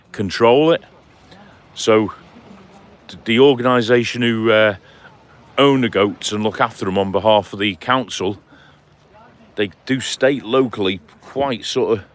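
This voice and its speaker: A man's voice: on the low side, a bit bright. Friendly male vlogger, chats matily to his live viewers while walking outdoors on a phone. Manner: chatty, matey, addresses viewers by name. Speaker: live-stream vlogger reading chat. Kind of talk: casual live-stream chat while walking. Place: outdoors on a seaside clifftop walk.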